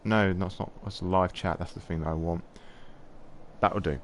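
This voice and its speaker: Low-voiced man chatting on stream. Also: fairly even intonation, a little fast, slight background noise. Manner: chatty, swears freely, laughs often. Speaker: live-stream host. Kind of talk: casual live-stream chat.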